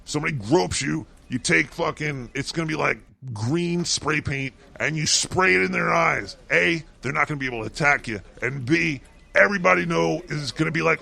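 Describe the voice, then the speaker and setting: A man's voice: on the high side, moderate pace, vocal fry, pushed and bright. A man co-hosting a comedic talk show, delivering a profane, mocking rant. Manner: ranting, swears constantly, mocking. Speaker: co-host doing a segment.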